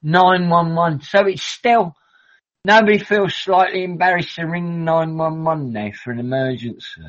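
A man's voice: mid-range voice, dull audio. A man rambling and joking in casual podcast chat, swearing freely over an online voice call. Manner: rambling, jokey, sweary banter.

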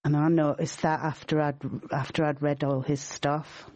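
A woman's voice: low-pitched, level tone, moderate pace, a little mellow, no room sound. A woman calling in from her rural home as a guest, chatting hesitantly over an online call.

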